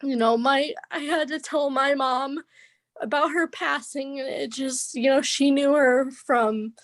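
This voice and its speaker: A young woman sharing halting, tearful memories of her godmother on a video call. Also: high voice, fairly even intonation, no room sound. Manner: halting, many fillers, tearful. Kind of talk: emotional memorial tribute.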